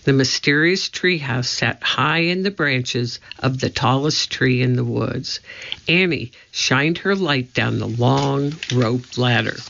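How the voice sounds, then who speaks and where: A man reading a children's book aloud in a slow, measured storytelling manner. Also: mid-range voice, creaky, pushed and bright, dull audio, slight background noise. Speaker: narrator.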